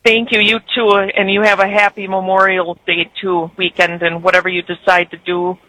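Talk-radio caller: Wisconsin woman, Upper Midwest accent, bright forceful tone, dry sound, rambling and chatty. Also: mid-range voice, flat delivery, normal speed, no room sound, low-quality recording. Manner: chatty, rambling, with frequent fillers. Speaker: caller, truck driver. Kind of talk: casual phone-in chat.

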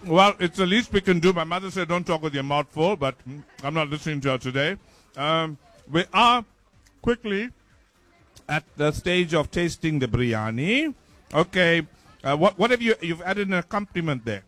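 A man's voice: high voice, lively intonation, normal speed, a bit bright, no room sound, faint music behind. Playful man hosting a breakfast radio show. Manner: jokey, playful, talking while tasting food. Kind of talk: live outdoor radio broadcast chat.

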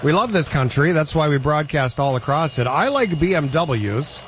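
A male radio host in casual, playful banter, chatty and quick to laugh. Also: on the high side, expressive, a bit bright, dull audio, slight background noise.

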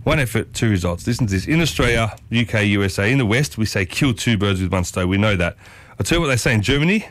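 A radio host of Italian heritage speaks in a lowish voice that's fairly bright, quick and lively in intonation. Chatty and enthusiastic in a casual studio talk segment, he keeps addressing his listeners as "folks."

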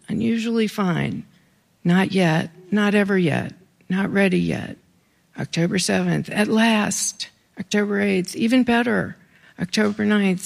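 Gravelly-voiced author reading aloud. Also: mid-range voice. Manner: wry, conversational asides between read passages. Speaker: author reading own work. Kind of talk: reading aloud to a live audience.

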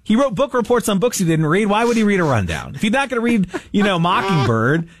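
A man's voice: high voice, no room sound, clean studio sound. A man co-hosting a sports radio show, teasing his colleagues in casual banter. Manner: teasing, quick and animated.

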